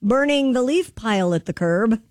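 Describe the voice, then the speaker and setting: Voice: medium pitch, lively intonation, moderate pace, dry recording. Upbeat radio co-host reading items. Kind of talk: casual morning radio chat.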